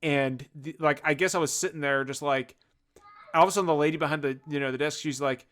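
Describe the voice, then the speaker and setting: Male host, quick, bright, animated storyteller in a loose chat. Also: on the high side, clean tone. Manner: animated, swears freely. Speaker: podcast host. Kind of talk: casual group chat, storytelling.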